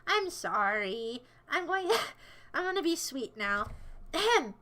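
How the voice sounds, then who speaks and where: High, lively, bright-voiced woman streamer. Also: slow. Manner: playful, sassy, rambling. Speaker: livestreamer. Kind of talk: casual livestream chat, answering viewers.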